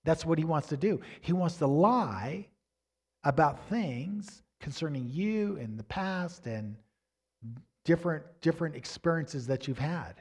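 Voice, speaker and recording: A man's voice: a little high, expressive, a little slow. A middle-aged man giving a sermon, telling a personal story conversationally, with restarts and asides to the congregation. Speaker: pastor.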